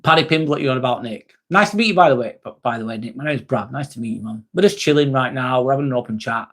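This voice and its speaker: A man's voice: mid-range voice, fast. A man with an East Lancashire accent hosting a casual live chat, laid-back and chummy, calling everyone mate and swearing freely. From Northwest England. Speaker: livestream host. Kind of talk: casual live chat, reading viewer comments.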